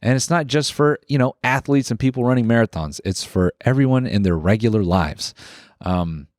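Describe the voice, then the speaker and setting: A man's voice: mid-range voice, moderate pace, a little mellow, no room sound, studio quality. A man co-hosting a podcast, reading a sponsor ad in a loose, chatty way with lots of fillers. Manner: loose, filler-heavy ad read. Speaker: podcast co-host. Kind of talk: casual chat and host-read ad.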